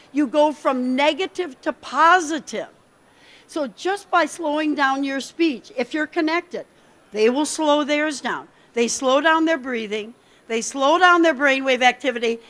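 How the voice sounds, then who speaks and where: A woman giving a lively conference workshop talk, coaching the audience directly from the stage. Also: sits high. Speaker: keynote speaker.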